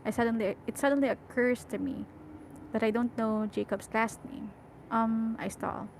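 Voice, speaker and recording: A woman's voice: fairly high pitch, fairly even intonation, normal speed, creaky, a little mellow, a little hiss or hum, poor audio. A young woman reading a novel aloud, often correcting herself and stopping to chat about how emotional the story makes her. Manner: emotional, self-correcting, chatty. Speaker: audiobook reader.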